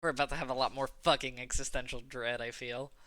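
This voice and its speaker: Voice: medium pitch, flat delivery, quick pace, bright, forceful tone. A tabletop game player teasing friends in casual chat, laughing often.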